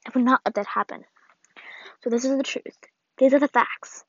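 A woman reading the farewell letter of an old, ailing grandmother in a solemn, measured way, on a dull, lo-fi recording. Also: high-pitched, steady tone, dry recording. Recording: dull, lo-fi dry read.

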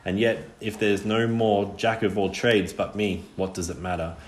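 A man voicing a cold, menacing adult killer who speaks in a smooth, mocking, threatening way in an audiobook reading. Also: on the low side, level tone, normal speed, slight background noise, lightly acted. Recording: roomy echo.

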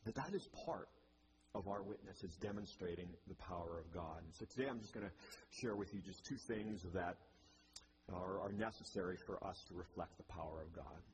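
A man's voice: sits low, brisk, background noise. Man preaching a conversational sermon. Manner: conversational preaching with wry asides. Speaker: pastor. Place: church.

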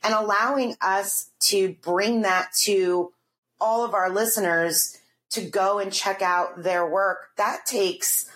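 A woman's voice: mid-range voice, steady tone, slow, fairly bright tone. A woman co-hosting a podcast, speaking earnestly in casual chat. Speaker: podcast co-host.

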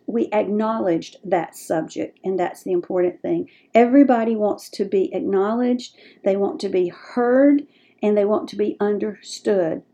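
Folksy Southern woman, mellow voice. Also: medium pitch. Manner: warm, folksy, direct. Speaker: dementia care educator. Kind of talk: advice talk to caregivers.

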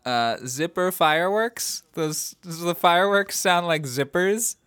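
A man's voice: sits high, a bit bright, smooth, no room sound. Joking male podcast co-host, dry mic. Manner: joking, quick to quote and laugh. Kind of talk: casual movie podcast chat.

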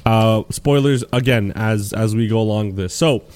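A man's voice: fairly low pitch, moderate pace, darkish tone. A man co-hosting a casual anime podcast, rambling through an episode recap and swearing freely. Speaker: podcast co-host.

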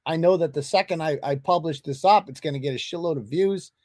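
A man's voice: fairly high pitch, fairly quick, darkish tone, no echo, studio quality. A man hosting a live web show, ranting in a brash, profane and combative way and reading out viewer donations. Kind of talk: casual livestream rant.

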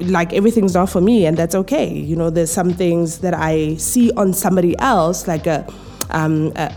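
A woman hosting a casual solo podcast from home, talking in a relaxed, chatty way with many fillers and restarts, her voice tired. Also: on the low side. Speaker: podcast host. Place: home, in pajamas.

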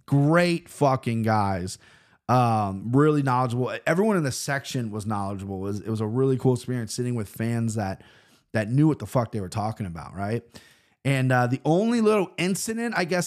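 An American man recounts a night out in a casual monologue. His delivery rambles and restarts, full of swearing and bursts of excitement. The pitch sits in the middle range for a man. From United States.

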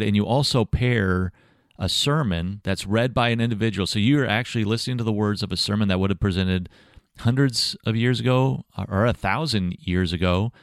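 Male host, low smooth voice, measured and encouraging, dry recording. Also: dry recording. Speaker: podcast host. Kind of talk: interview hosting.

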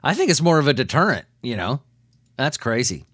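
A man's voice: mid-range voice, very animated, brisk, fairly bright tone, no echo, clean studio sound. A man hosting a comedy news podcast, riffing on stories in a loose, profane, rambling way with frequent chuckles. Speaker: podcast host.

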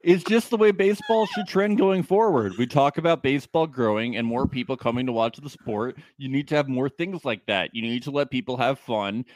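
A man's voice: mid-range voice, expressive, brisk, few pauses, a little mellow, no echo. Blunt, profane man on a sports podcast. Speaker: podcast co-host. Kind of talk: casual sports chat.

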